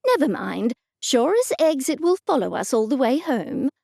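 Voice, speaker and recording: Woman narrator doing a curt, bossy aunt, a bit higher, gravelly. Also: sing-song, moderate pace, mellow, no echo, studio quality, exaggerated voice. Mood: irritated. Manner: curt and commanding. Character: brisk, bossy older aunt, easily exasperated.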